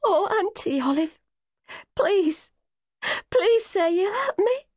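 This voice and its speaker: A woman narrator doing a desperate young woman from a storybook. She speaks in a high, tearful, pleading voice that swings up and down. The sound is dry and close. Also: sing-song, takes it slowly, vocal fry, darkish tone, no echo, full character voice. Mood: sobbing. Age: young adult.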